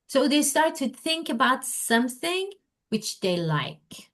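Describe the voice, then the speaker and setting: Slow-speaking woman teacher trainer. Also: sits high, very animated. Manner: acts out student and teacher dialogue, non-native phrasing.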